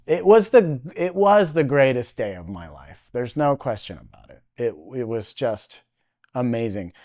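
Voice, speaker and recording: Picture a male podcast guest recounting a personal testimony at an ordinary, mid-range pitch. He talks in animated, halting bursts, circling back and leaning on "like" as he hunts for words. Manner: animated, halting, heavy use of "like" fillers.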